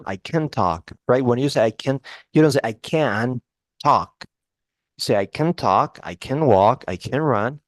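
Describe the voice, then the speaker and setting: A man's voice: on the low side, no echo. Dry-voiced man tutoring English pronunciation. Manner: explains by repeating examples, many restarts. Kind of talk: one-on-one pronunciation lesson.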